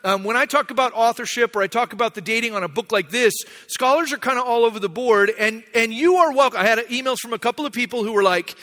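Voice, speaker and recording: Bright-voiced man preaching in a hall. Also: very high-pitched, quick pace, few pauses. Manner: conversational, self-deprecating. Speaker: pastor. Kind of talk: sermon. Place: church sanctuary.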